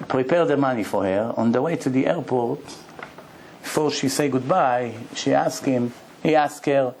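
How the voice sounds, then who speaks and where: A rabbi tells a long story with a gravelly, mellow voice, acting out every exchange as he goes. His English is broken, and he drives the tale forward in the rhythm of a lecture. His tone stays steady and unhurried throughout. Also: mid-range voice, slight background noise. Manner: animated storyteller acting out dialogue; broken, non-native-sounding English grammar.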